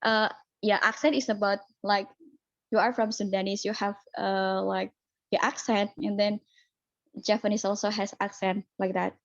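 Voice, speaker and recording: A woman's voice: mid-range voice, little pitch movement, normal speed, no echo. A young woman, a guest speaker answering questions in a casual online discussion, hesitant and full of fillers. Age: 20s. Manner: hesitant, searching for words, many fillers. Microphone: video call. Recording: muffled lo-fi call audio.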